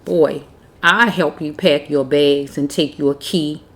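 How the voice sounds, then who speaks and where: A woman's voice: low-pitched, steady tone, takes it slowly, fairly bright tone. A woman giving a casual tarot reading, blunt and preachy, repeating herself as she scolds. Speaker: tarot reader.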